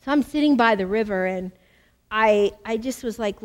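A middle-aged American woman, a women's ministry speaker, preaching and telling a personal testimony with animated, emphatic repetition. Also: on the high side, normal speed. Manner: animated storytelling, emphatic repeats.

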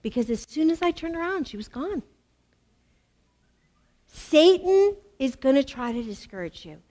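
Animated woman preacher telling a testimony. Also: high voice, a little slow. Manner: animated storytelling, emphatic repeats. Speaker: women's ministry speaker. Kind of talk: sermon with personal testimony.

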